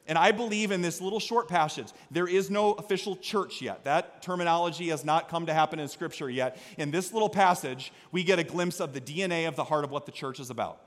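A man preaching a sermon as pastor, energetic, swinging from quiet storytelling to loud exhortation. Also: a little high, brisk, hardly any pauses. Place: church sanctuary. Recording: long reverb of a church hall.

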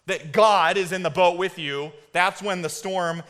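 Pastor guy preaching, high voice, swings from quiet to loud, echoey church. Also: unhurried. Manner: swings from hushed to loud, excited storytelling; asks the congregation to repeat words. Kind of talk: sermon. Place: church sanctuary. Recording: long hall reverb.

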